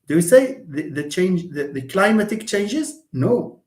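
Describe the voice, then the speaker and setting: A male English teacher leads a live pronunciation lesson at a measured pace, his slightly higher-than-average voice swinging up and down with animation. He patiently repeats example words and shifts between English, French and Darija. The recording echoes as if made in a roomy space.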